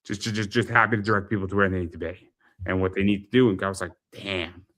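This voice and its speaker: A man's voice: deep voice, steady tone, quick pace, a bit bright, slight background noise. A man hosting a pop culture interview show, chatting casually and plugging his store with lots of repetition. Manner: chatty, repeats phrases, salesy plugs. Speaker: podcast host and eBay seller. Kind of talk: casual talk-show chat.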